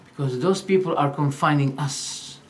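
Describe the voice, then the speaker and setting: A man giving a religious lecture, animated, firing rhetorical questions and acting out quoted dialogues. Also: on the high side, moderate pace, slight background noise. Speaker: Islamic preacher.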